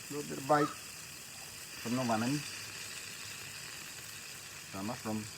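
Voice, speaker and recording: Older woman, cooking host, low voice, slow talk, loud wok sizzle behind. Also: vocal fry, background noise. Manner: unhurried, step-by-step instructions while cooking. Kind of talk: cooking demonstration. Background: frying and sizzling food.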